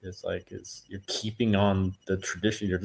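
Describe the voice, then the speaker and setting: Animated man telling stories. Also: low-pitched, moderate pace, creaky, husky. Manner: animated storyteller, acts out quotes, laughs often. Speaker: guest actor. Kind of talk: casual interview chat.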